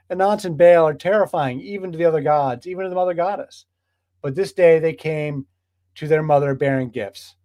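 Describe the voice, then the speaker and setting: A man's voice: fairly high pitch, darkish tone, no echo, studio quality. Enthusiastic man leading a study group. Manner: enthusiastic, emphatic, builds with repeated phrases. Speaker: bible study leader. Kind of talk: casual lecture to a study group.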